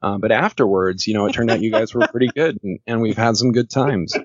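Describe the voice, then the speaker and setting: A man's voice: fairly low pitch, a little fast, no room sound. A man talking casually as a podcast guest, joking and rambling and laughing often. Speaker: podcast guest, horror author. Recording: dull lo-fi podcast audio.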